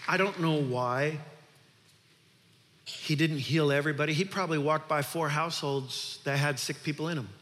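A man's voice: fairly high pitch, normal speed, fairly bright tone, long reverb tail, a little hiss or hum. A male pastor preaching a sermon in an earnest, conversational way, building to emphatic points.

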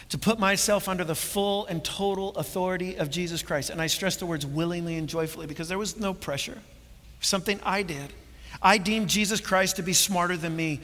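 A pastor preaching a sermon, earnest and full of rhetorical questions. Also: male voice, high voice, fairly bright tone. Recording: long hall reverb.

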